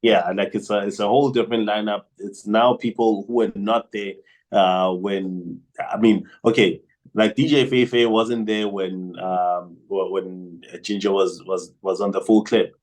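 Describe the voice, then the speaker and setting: Dude, lowish voice, stops and restarts a lot, laid back podcast talk. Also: male voice, steady tone, a little slow, darkish tone, poor audio. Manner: hesitant, many restarts and fillers. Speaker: podcast co-host. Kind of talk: casual chat.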